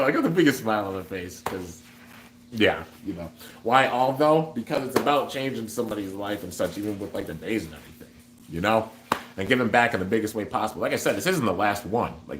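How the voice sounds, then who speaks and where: A man's voice: on the low side, echoey room, a little hiss or hum. A young man hosting a toy giveaway on a livestream, chatty and upbeat as he reads out comments from viewers. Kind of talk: casual livestream chat.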